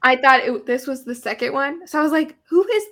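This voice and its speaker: High-voiced, giggly Californian woman. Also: fairly even intonation, brisk, pushed and bright. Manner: giggly, self-mocking. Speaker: podcast co-host. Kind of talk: casual chat.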